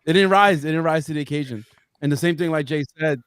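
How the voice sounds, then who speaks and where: A man's voice: a little high, quick pace, clear, resonant tone, no room sound. Joking man talking slang, dry sound. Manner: animated, joking, slangy with "bro". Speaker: podcast co-host. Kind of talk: casual chat.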